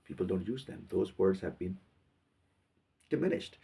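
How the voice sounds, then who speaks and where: A man from Pakistan, giving halting commentary on a video and repeating words as he thinks. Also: sits low, creaky, warm tone, slightly rough, far from the mic.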